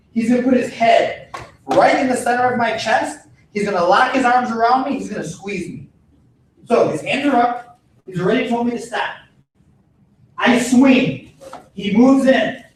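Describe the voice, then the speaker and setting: A man's voice: very high voice, a little hiss or hum. A man teaching a martial arts self-defense class to kids, giving firm, repetitive instructions. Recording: echoey gym from far off.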